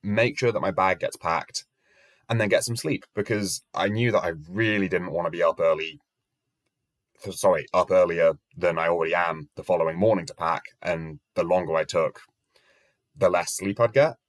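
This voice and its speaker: A man's voice: sits low, fairly even intonation, moderate pace, no room sound. A young man in his twenties telling a travel story in a wry, self-deprecating way, swearing casually. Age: 20s. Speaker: travel vlogger. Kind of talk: storytelling vlog narration. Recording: music playing under voice.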